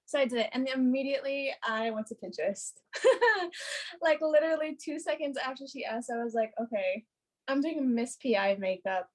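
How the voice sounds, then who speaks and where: Young woman, high voice, bubbly, giggly, rambling casual podcast chat. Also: lively intonation, normal speed. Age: young adult. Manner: bubbly, giggly storytelling with lots of fillers. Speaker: hair and makeup artist.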